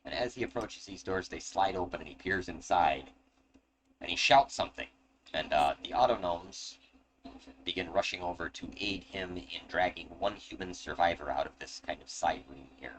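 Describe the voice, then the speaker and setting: A man's voice: sits low, moderate pace, fairly bright tone. A man narrating and running a tabletop game as game master, casual and joking, with swearing asides. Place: home. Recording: noisy home recording.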